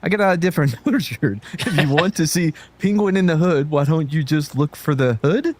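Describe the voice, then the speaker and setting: A man's voice: fairly high pitch, normal speed. A man hosting a casual livestream chat, joking and cursing and laughing often. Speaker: livestream host.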